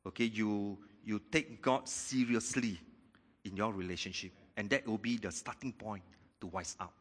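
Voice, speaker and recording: A man preaching a sermon in a church hall, firing off rhetorical questions and swelling louder on key points. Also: on the low side, normal speed. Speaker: pastor. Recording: long hall reverb.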